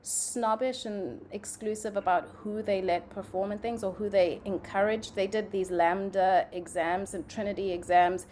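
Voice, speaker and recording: A young woman from Zimbabwe, a playwright and actress, telling stories in a casual interview, animated and full of "like" fillers. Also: mid-range voice, moderate pace, few pauses, slight background noise. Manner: animated storytelling, many "like" fillers, acts out quotes.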